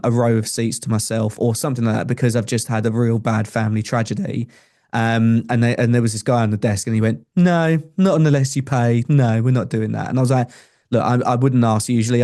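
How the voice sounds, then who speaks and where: Mellow and medium in pitch, the voice is that of a young English man guesting on a podcast. His account of a personal experience is sincere and conversational, marked by many restarts.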